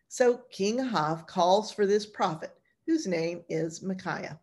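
A woman's voice: mid-range voice, slow pace, darkish tone. A woman pastor teaching an informal Bible class, retelling stories in a chatty, colloquial way.

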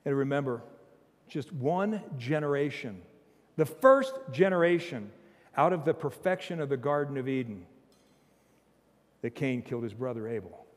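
A man preaching a sermon as pastor, emphatic, swinging from loud bursts to low, intense passages, with humorous asides and chuckles. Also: animated, normal speed, long pauses, long reverb tail. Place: church sanctuary.

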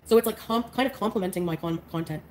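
A woman's voice: fairly low pitch, fast, darkish tone, slight background noise, low-quality recording. A woman chatting casually on a livestream, congested and drowsy from flu medicine, rambling with lots of fillers and small laughs. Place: bedroom.

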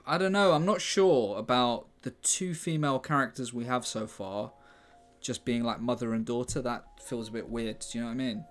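A man's voice: mid-range voice, normal speed. A man writing and thinking aloud in a casual way, reading pages aloud with sarcastic, muttered asides. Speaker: writer.

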